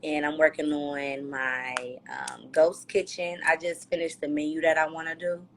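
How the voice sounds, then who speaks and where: A woman's voice: deep voice, flat delivery, normal speed, a little hiss or hum. A woman talking candidly in a loose, slangy way as the guest in a casual livestream chat on her phone. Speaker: reality show star being interviewed.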